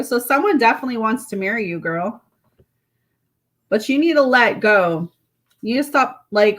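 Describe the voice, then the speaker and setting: A woman's voice: fairly high pitch, fairly bright tone. A woman doing a live tarot reading, chatting casually with viewers and reading card messages aloud. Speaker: tarot reader.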